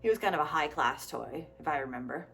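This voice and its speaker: Woman, 30s, comedy vlogger, sarcastic and profane, animated asides. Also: low voice, fast talker, creaky, a little hiss or hum. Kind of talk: casual comedic commentary.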